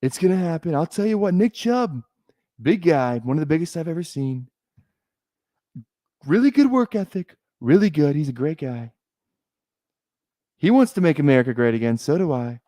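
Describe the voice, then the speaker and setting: A boastful older politician brags in big superlatives, as a man puts on the impression. The voice rides noticeably higher than the performer's own, with a showy, swaggering lilt. The sound is dry and close, with no room around it. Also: lively intonation, normal speed, pauses often, dark tone, dry recording, natural voice. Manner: bragging, exaggerated superlatives.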